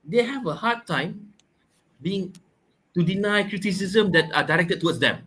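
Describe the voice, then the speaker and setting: A man explains scripture in a relaxed podcast chat. His voice is fairly high and bright. He stops often, repeats himself, and reaches for homely examples. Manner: halting, repeats words, explains with everyday examples. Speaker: podcast co-host explaining a Quran chapter. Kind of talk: casual religious discussion.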